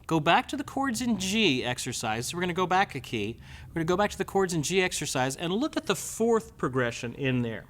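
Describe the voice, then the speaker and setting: A man teaching a guitar lesson step by step, patiently counting beats aloud as he plays. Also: fairly high pitch. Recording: loud guitar under the voice. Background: his own guitar playing.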